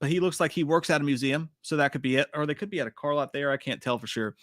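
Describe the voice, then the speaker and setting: A man hosting a live breakdown stream, rambling and cursing as he reads viewer comments. His voice sits a bit high and rings bright and forceful. The sound is close and dry with no room echo. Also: fairly even intonation, fast. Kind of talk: casual live trailer breakdown.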